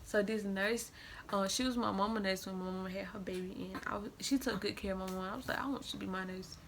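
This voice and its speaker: Girl, 18, vocal fry all over, rambly storytime, cars + noise in back. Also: medium pitch. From Atlanta, Georgia. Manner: rambling, repeats filler "or whatever". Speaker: vlogger. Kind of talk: storytime vlog.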